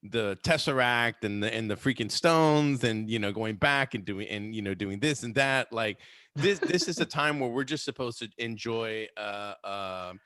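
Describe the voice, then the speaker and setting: A man speaks bluntly on a podcast, swearing freely as he vents. His voice sits at an average pitch. The recording is dry and close. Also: normal speed, a bit bright, no echo. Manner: blunt, swears freely, drops frequent agreement. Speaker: podcast co-host. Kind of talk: casual chat.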